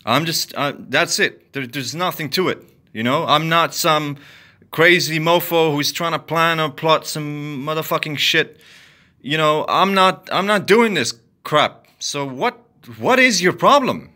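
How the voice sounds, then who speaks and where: A man ranting angrily to the camera, profane and repetitive, swinging from loud outbursts to low muttering. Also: measured pace. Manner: heated, profane, repetitive venting. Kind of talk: angry solo rant to camera.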